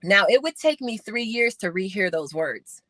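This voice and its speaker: A middle-aged woman, a podcast guest and former Olympic sprinter, telling her story with animated retellings of conversations. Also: medium pitch, normal speed, no room sound. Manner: animated storyteller acting out quoted voices.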